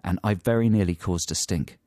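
A man's voice: sits low, a little fast, dark tone, no echo, clean studio sound. A man, co-hosting a comedy chat show and telling a long, self-mocking anecdote. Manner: rambling, self-mocking storyteller. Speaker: radio comedy co-host.

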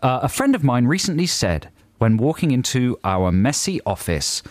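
A man's voice: mid-range voice, very animated, normal speed, no room sound. A man co-hosting a comedy podcast, reading emails and adding wry asides with laughter. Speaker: podcast co-host. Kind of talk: casual comedy chat, reading listener emails.

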